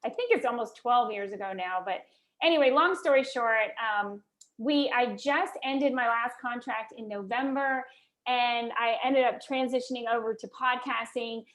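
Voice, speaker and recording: A woman with a high, bright voice tells her story as a guest with lively, exclamatory energy. Her delivery is chatty and expressive, full of little exclamations. She sounds like a seasoned radio talker relaxed in conversation. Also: normal speed. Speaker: real estate radio host.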